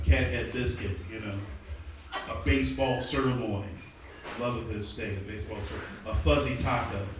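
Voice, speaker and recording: A man's voice: mid-range voice, background noise. Brash man doing stand-up. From American South. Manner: brash, profane, banters with the crowd. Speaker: stand-up comedian. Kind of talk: live stand-up comedy. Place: underground comedy club. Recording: distant mic in an echoey club, loud crowd.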